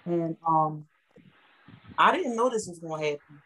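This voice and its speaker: A woman, sharing an emotional testimonial. She speaks in a heartfelt, animated way and repeats her points for emphasis. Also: sits low, unhurried, low-quality recording. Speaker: guest, network marketing member.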